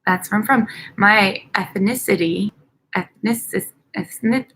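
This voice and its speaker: A woman's voice: medium pitch, a little slow, fairly bright tone, a little hiss or hum. A young woman from Chicago with a Chicago accent, chatting casually in a vlog on an outdoor balcony at night, rambling and upbeat, with lots of fillers. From United States. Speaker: dental hygienist vlogger.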